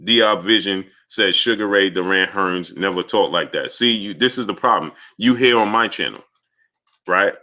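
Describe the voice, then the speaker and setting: Heated bright-voiced male livestream host. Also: low-pitched. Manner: heated, argumentative, lecturing viewers; rapid greetings to chat names between rants. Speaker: livestream host answering chat. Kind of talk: live-stream commentary reading chat.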